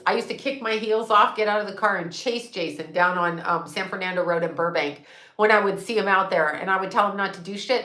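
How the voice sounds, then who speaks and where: This is a woman in her sixties, a psychic and astrologer, hosting a casual livestream where she reads viewer comments and chats candidly, swearing freely and laughing a lot. Her voice is medium-pitched and sharp, with a reverberant sound.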